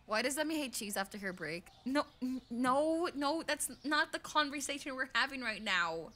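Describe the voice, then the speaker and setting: Bubbly high-voiced woman streamer. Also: animated, moderate pace, bright, forceful tone. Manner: swears often, reads chat aloud; bursts into squealing laughs. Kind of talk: casual live-stream chat.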